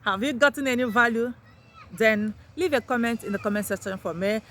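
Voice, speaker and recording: A woman speaks briskly in a fairly bright tone, with slight background noise. She teaches vocabulary as a language teacher, pitching each new word sharply upward when she introduces it and repeating it before she explains.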